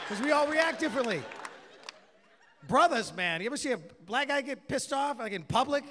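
A man doing stand-up comedy on a club stage, brash and profane with loud bursts. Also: very high voice, animated, fairly quick. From Mexican-American. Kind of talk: stand-up set. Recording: live club recording with hall echo and crowd noise. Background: crowd laughter.

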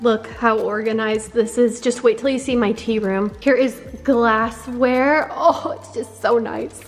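A woman vlogger giving an excitable, chatty tour of her own home. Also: fairly high pitch, measured pace, faint music behind. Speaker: lifestyle vlogger. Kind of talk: casual home tour vlog.

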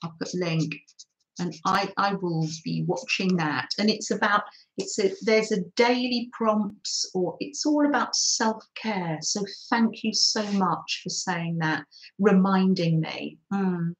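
Older woman, craft live-stream host; soft, slow, chatty, echoey room. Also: mid-range voice. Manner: soft, chatty, often laughing and apologising. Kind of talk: gentle live-stream chat with viewers.

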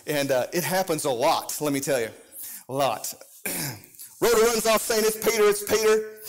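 A pastor preaching a sermon with an impassioned, sing-song cadence and frequent call-outs to his congregation. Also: fairly high pitch.

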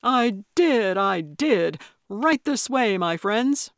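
A woman's voice: medium pitch, lively intonation, takes it slowly, vocal fry, dry recording, clean studio sound. A woman voicing an eager young man in Western garb who greets visitors with forced, salesy cheer. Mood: exuberant. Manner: overly exuberant, salesy cheer. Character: eager young male theme park host.

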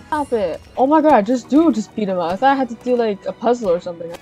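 A young woman playing a video game and reacting out loud, giggling often and shrieking with excitement. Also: on the high side, quick pace, few pauses. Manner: giggly, excitable, squealing exclamations. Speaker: gamer. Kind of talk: casual gameplay commentary. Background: game music.

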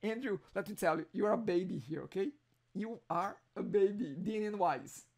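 A man's voice: high-pitched, fairly quick, vocal fry, darkish tone. A man with a non-native English accent hosting a user group meeting, talking casually with jokes and many restarts, heard over a video call. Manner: chatty, joking, with many restarts.

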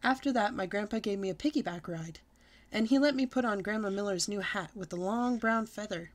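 A woman storyteller reading a children's book aloud with expressive, lively delivery. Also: mid-range voice, brisk.

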